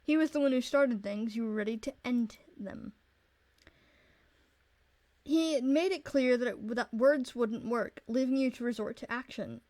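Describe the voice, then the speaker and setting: A woman's voice: a little high, normal speed, darkish tone, no echo. Blunt young woman streamer, dry mic. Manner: swearing, blunt. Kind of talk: narrating a visual novel.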